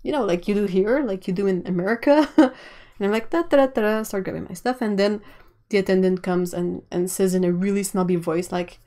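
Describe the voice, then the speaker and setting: A woman's voice: mid-range voice, a little fast, mellow. Canadian lady streaming her art, rambly chatty talk, laughs a lot, mid voice. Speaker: artist livestreamer. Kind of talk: casual chat while drawing on stream.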